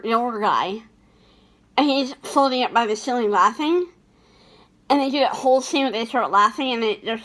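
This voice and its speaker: Chatty high-voiced woman vlogger. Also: a bit bright. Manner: chatty, laughs often, many fillers and restarts. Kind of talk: casual chat about favorite movies.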